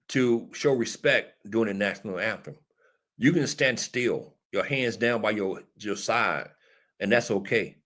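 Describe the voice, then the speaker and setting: In a fairly bright, medium-pitched voice, the host delivers casual political talk directly to his live audience and answers viewers. His style is preachy and insistent, with points repeated sermon-style.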